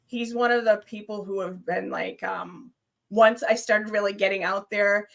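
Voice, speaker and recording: A woman, a guest on a live stream, chatting casually and telling a story with lively, acted-out quotes. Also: medium pitch, moderate pace, creaky. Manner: animated storyteller, acts out her own screams and quotes.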